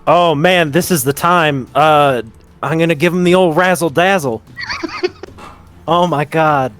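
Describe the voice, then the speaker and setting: A man's voice: a little high, a little slow, a bit bright, soft background music. A man taking part as a player in a tabletop role-playing game, chatty and eager, laughing easily. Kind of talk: casual tabletop role-play.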